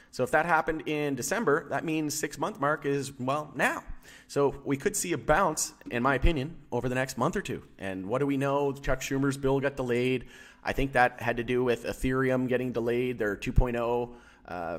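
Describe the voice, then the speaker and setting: A man hosting a casual live stream about stock charts, rambling with many fillers and firing questions at his chat. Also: medium pitch.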